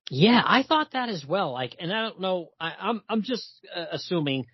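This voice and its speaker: A man's voice: sits high, very animated, normal speed, husky, no echo, dull audio. A man co-hosting a podcast in casual chat, reading comic dialogue aloud and laughing. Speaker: podcast co-host. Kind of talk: casual comic book discussion.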